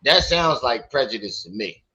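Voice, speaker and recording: Profane bright-voiced man telling stories. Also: medium pitch, lively intonation, normal speed, muffled recording. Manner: profane, storytelling, acts out quotes. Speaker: livestream host. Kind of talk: casual livestream commentary.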